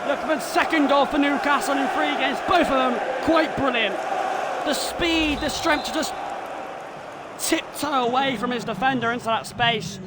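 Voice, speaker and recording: A man streaming a football video game live, calling the action like a broadcaster and bursting into shouts of excitement at the goals. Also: very high-pitched, normal speed, over a noisy crowd, very noisy. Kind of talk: live gameplay commentary in broadcaster style.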